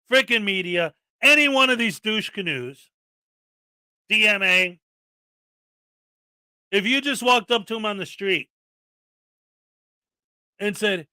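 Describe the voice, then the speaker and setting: A man's voice: high-pitched, bright, forceful tone, dry recording. A man hosting a live stream, ranting and joking about video clips with plenty of crude insults. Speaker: streamer host. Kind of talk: casual live-stream commentary.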